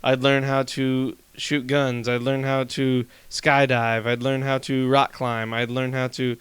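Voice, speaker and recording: A young man talking loosely on a podcast, rambling from one thought to the next and swearing freely. His voice is smooth and clear. The sound is dry and close. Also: medium pitch, unhurried, dry recording. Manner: rambling, animated, swears a lot. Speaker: podcast host. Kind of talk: casual chat.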